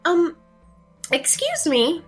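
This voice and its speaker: A woman playing a tabletop role-play game, talking quickly, eager and apologetic. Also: extremely high pitch, sing-song, soft background music. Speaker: player.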